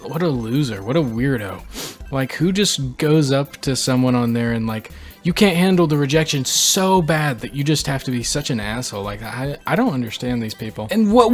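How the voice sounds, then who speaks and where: A young man hosting a reaction video, reading posts aloud and reacting with animated disbelief. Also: medium pitch. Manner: incredulous, animated, reads quotes aloud and reacts. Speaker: channel host reading posts. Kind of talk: reaction commentary.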